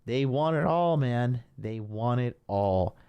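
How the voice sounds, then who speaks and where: A man's voice: medium pitch, lively intonation, slow, smooth, lo-fi sound. A man hosting a podcast, giving blunt, boastful commentary. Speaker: podcast host. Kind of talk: casual commentary.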